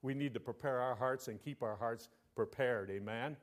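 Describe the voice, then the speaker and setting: A man's voice: medium pitch, a little fast. A male pastor preaching a sermon, telling a story and often asking the congregation for an "Amen?".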